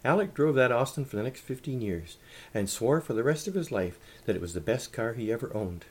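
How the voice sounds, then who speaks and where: A man reading a humorous story aloud in a wry, lively way. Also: mid-range voice, brisk, husky.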